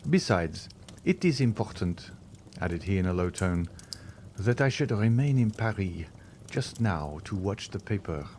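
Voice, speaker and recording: A man reading the part of a mysterious, reserved count who speaks in a measured, sighing way. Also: deep voice, animated, a little mellow, slight background noise.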